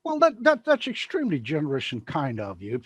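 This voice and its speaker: Giggly, lively husky-voiced man host. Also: a little high, fairly quick, no room sound, poor audio. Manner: giggly, rambling, playful. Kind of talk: casual live show chat.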